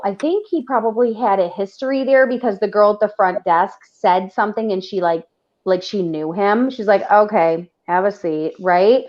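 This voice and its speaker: A woman co-host telling a story in casual chat, swearing freely and acting out what people said. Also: medium pitch. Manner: animated, acts out quotes, swears a lot. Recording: dull lo-fi sound.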